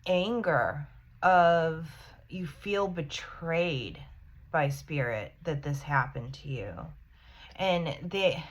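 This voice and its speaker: Slow-talking woman reading tarot. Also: low voice. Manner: conversational, filler-heavy, earnest. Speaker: tarot reader.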